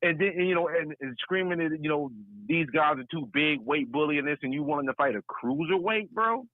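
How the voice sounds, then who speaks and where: A man's voice: on the high side, animated, a little fast, dry recording. Male caller on a tinny phone line. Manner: laid-back, chatty, calls host "Coach". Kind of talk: casual call-in boxing talk.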